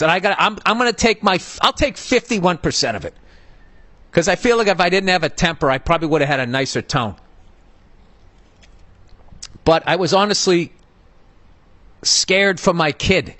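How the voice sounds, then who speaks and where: A man's voice: a little high, lively intonation, a little fast, a bit bright, no room sound. Heated profane middle-aged man ranting. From United States. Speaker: podcast host. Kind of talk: comedic storytelling rant.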